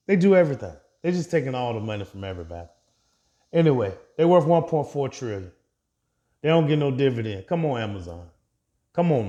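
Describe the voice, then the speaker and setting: A man's voice: mid-range voice, a little mellow. A man vlogging a casual update on his investments, chatting directly to his viewers and laughing off his own slips.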